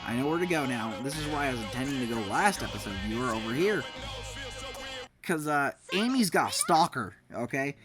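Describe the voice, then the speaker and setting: A man's voice: mid-range voice, expressive, a little fast. A man in his twenties doing rambling, profane let's play commentary over a game. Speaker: gameplay commentator. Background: game music.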